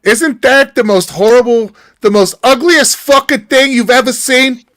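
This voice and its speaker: A man voicing an indignant older woman who complains loudly and scornfully. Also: very high voice, normal speed, pitched above the performer's own voice. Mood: scornful outrage. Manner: exaggerated, outraged complaining.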